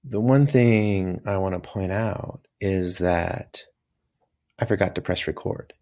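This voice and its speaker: A man teaching a recorded reading lesson for children, talking straight to the kids in a lively, coaxing way. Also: sits low, slow.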